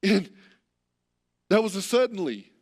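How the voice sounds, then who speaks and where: A middle-aged American man preaching a sermon as pastor, telling stories in an animated way and often repeating words. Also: high voice, unhurried, husky.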